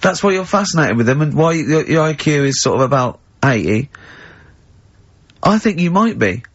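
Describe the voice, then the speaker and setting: A man with an English accent hosting a radio show, telling anecdotes in lively casual banter and laughing a lot. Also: moderate pace, husky. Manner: lively storyteller, laughs often, high-pitched giggle. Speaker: radio host. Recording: dull lo-fi radio broadcast.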